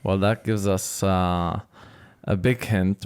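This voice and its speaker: A man's voice: lowish voice, takes it slowly, smooth. A man hosting an interview show, asking questions in friendly casual chat with frequent laughs. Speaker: interview host.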